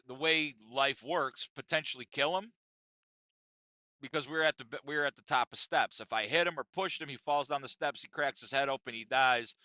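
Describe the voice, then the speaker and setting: Same podcast co-host, still telling his story in a profane, emphatic, casual way that keeps looping back on itself with repetition. Here his mid-range voice sounds pushed and bright. There's no room sound, and the audio is dull.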